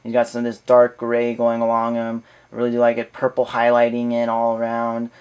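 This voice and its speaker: A man's voice: mid-range voice, monotone, fairly quick, darkish tone, clean tone, lo-fi sound. A man giving a casual hands-on toy review, rambling and thinking aloud as he goes.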